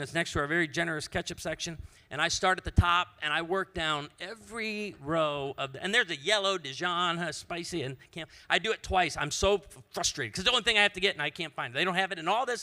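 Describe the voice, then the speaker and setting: Pastor, male, bright and slightly high voice, comic storyteller, big hall reverb. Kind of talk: humorous conference talk.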